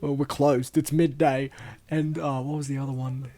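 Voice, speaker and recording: A young man giving a casual, rambling video commentary, self-deprecating and full of fillers, swinging between mumbling asides and excited bursts. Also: mid-range voice, moderate pace. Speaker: video creator.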